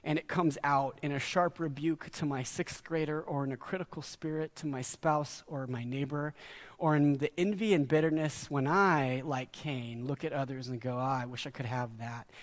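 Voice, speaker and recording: A middle-aged man preaching a sermon as a pastor, earnest and dropping to quiet emphasis on key words. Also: fairly high pitch, steady tone, moderate pace.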